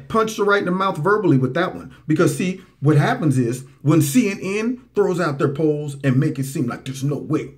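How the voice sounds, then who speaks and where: A man hosting a talk radio commentary show, mocking and reacting to played clips. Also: fairly high pitch. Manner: animated, mocking, talks over clips. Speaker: political commentary host.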